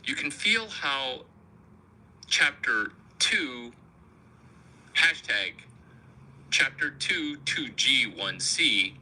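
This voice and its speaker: A man riffs through a comic monologue at a slow, deliberate pace. His voice is pressed and forceful, with a sharp edge. He stays provocative and crude, often turning the joke on himself. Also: medium pitch, animated, poor audio. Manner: provocative, crude, self-mocking. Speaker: comedian host.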